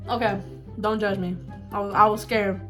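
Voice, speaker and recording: A young woman telling a story on her mukbang vlog in a casual, animated, dramatic way, with bursts of laughter. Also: mid-range voice, moderate pace, soft background music. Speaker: vlogger. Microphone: phone.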